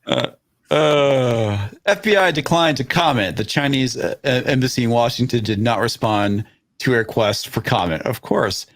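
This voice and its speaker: A man's voice: mid-range voice, normal speed, fairly bright tone, no echo. A man hosting a casual live stream, reading news articles aloud and rambling between them with stammers and swearing. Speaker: livestream host.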